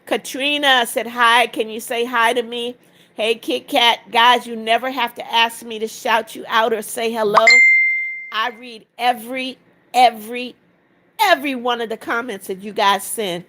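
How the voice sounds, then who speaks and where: A woman's voice: fairly high pitch, steady tone, moderate pace, bright, forceful tone. A woman in her seventies hosting a live stream, reading out viewers' comments and greeting them one by one in a motherly way. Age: 70s. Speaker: livestream host.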